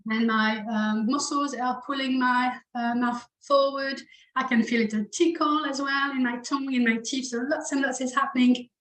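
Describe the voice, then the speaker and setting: A woman with a fairly high voice gives an online training talk to teachers. She keeps checking in with her audience and slows down to model sounds for them to copy. The recording carries noticeable room echo. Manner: encouraging, checks in with "okay?" and "you know"; demonstrates sounds slowly for listeners to repeat.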